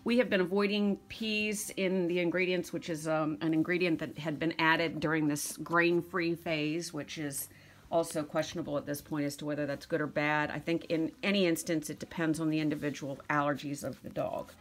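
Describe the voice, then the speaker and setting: A woman's voice: low-pitched, steady tone, normal speed. A middle-aged woman breeder chatting casually in a vlog, rambling and cooing at her puppies. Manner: chatty, rambling, coos at puppies in baby talk. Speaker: dog breeder. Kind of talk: casual vlog narration to camera.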